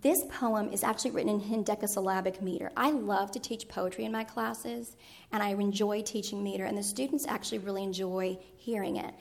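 A middle-aged woman gives a teaching presentation on Latin poetry, her voice carrying a gravelly fry at mid pitch. She explains step by step and now and then corrects herself as she goes. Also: steady tone, a little fast. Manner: explanatory, with occasional self-corrections. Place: presentation room with a screen.

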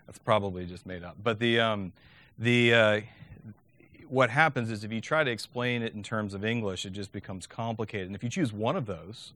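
A man's voice: on the low side, moderate pace, fairly bright tone. A man giving a lecture on teaching Latin, talking conversationally and often checking in with "okay?".

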